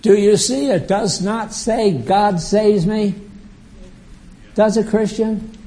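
Slow, high-voiced older male preacher. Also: mellow. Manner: emphatic, rambling, quizzes the congregation. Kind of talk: live sermon.

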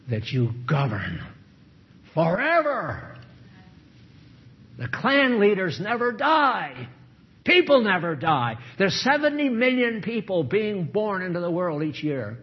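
A man's voice: on the high side, husky. An older man, a pastor, preaching a sermon full of rhetorical questions and repeated lines. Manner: rhetorical questions, repetitive emphasis. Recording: dull lo-fi recording.

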